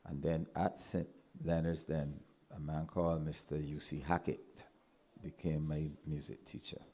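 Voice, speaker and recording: A man with a Barbadian accent, a former pupil giving a speech at a ceremony, telling animated anecdotes and acting out the voices he quotes. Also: extremely low pitch, unhurried, breathy edge. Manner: animated storyteller who acts out quoted voices.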